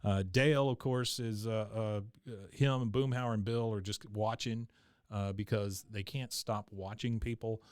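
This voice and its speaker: A man's voice: on the low side, steady tone, normal speed, a little mellow, clean tone, no echo, clean studio sound. A man hosting a podcast, casually recapping an episode with lots of filler sounds and chuckles. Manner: rambling, many filler sounds, chuckles often. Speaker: podcast host.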